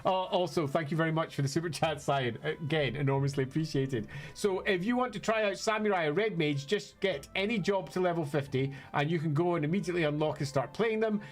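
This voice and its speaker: A British man streaming a game, chatting playfully with viewers in self-mocking asides. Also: on the high side. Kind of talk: let's play commentary.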